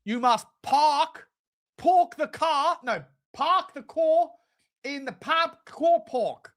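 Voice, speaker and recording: A man's voice: very high voice, expressive, slow pace, fairly bright tone, voice pushed up, full character voice. A man putting on a drawling South African bloke. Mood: mock-bossy. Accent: South African (put on). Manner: drawled, exaggerated impression. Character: South African bloke, laid-back and bossy. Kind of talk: live stream chat.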